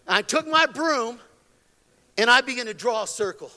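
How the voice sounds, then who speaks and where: A man preaches from the pulpit of a church sanctuary in a very high, bright voice, stumbling over restarts and then climbing into shouted calls. Long reverb from the big hall trails behind his words. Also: lively intonation, moderate pace, long pauses. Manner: impassioned preaching, building to shouted exhortations; stammering restarts and repetition. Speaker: pastor. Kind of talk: sermon.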